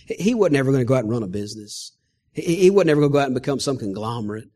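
A male pastor preaching an animated sermon, often chuckling as he speaks. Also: mid-range voice, rapid-fire.

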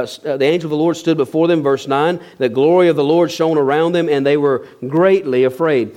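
A man's voice: on the high side, darkish tone. Conversational male pastor preaching. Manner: conversational preaching with rhetorical questions and light laughs. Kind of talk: sermon.

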